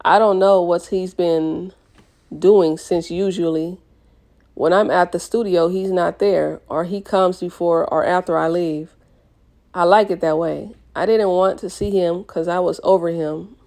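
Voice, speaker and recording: A woman's voice: lowish voice, steady tone, unhurried, a little mellow. A woman reading a novel aloud as host of her channel, with casual, chatty asides. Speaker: book reader, channel host.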